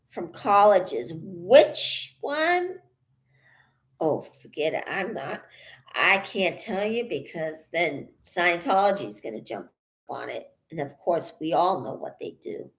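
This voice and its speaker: Slow, breathless woman rambling while crafting. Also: on the low side. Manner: rambling, thinks aloud, pauses often. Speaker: channel host. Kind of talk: casual vlog while painting.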